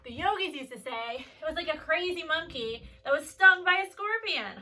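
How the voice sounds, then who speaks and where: A young woman teaching a kids' yoga class, playful and animated, telling stories between poses. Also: sits high, moderate pace. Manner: animated, playful, drops to soft calm voice for mantras. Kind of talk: children's yoga class with storytelling. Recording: voice from a distance off the mic.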